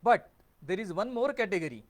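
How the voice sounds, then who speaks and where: A man, hosting a video series and explaining tradition in measured, deliberate phrases. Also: high voice, big pitch swings. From India. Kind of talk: explanatory talk to camera.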